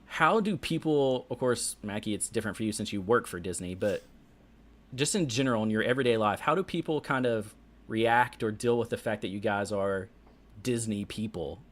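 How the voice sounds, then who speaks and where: A man's voice: lowish voice, moderate pace. A man hosting a podcast, asking his guests questions in a loose, friendly way. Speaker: podcast host. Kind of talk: interviewing guests.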